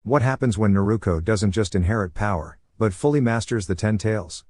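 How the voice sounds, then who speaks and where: A man hosting a storytelling channel, reading a fan story in smooth, even scripted narration. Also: fairly low pitch, a little fast, no echo, studio quality.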